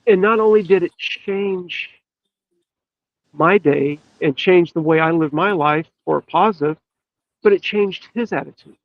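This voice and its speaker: A man, a podcast guest, telling a story in an earnest, emphatic way with drawn-out pauses. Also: high-pitched, dry recording. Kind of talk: storytelling in casual chat. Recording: dull, lo-fi dry sound.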